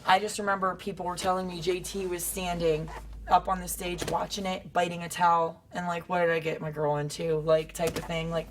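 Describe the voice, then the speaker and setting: A young woman wrestler telling stories in a casual interview, acting out quotes with sudden high bursts. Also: slight background noise.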